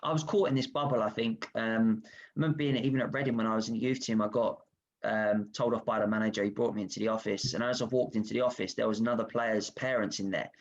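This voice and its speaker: Through dull audio, an ex-footballer with a low-leaning voice talks at a quick pace on a video call. He's the guest, telling self-reflective stories about himself with frankness and animated energy.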